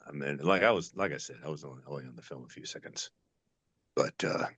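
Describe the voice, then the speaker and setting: Very deep-voiced older man, rambling. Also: quick pace, a bit bright, slightly rough, no room sound. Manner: rambling, many restarts and fillers, musing. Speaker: actor guest. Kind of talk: casual interview chat.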